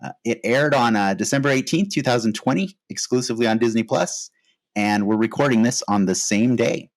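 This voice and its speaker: A man's voice: mid-range voice, a little fast. A man hosting a fan podcast, chatting casually and earnestly with frequent "uh" fillers. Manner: relaxed, many "uh" fillers, earnest. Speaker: podcast host.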